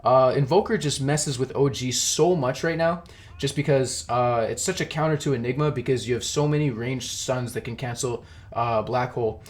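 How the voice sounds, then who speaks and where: A young esports caster gives rambling solo commentary on a match, speaking at normal speed in a medium-pitched voice. He eats while he talks, jokes at his own expense, and laughs at himself often.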